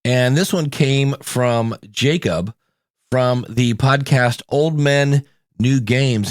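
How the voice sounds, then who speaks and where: Recorded with clean studio sound and no echo, a mid-range male voice belongs to a podcast coach and host from Ohio, USA. He speaks with a Midwestern American accent, keeping his upbeat talk about accents chatty and casual.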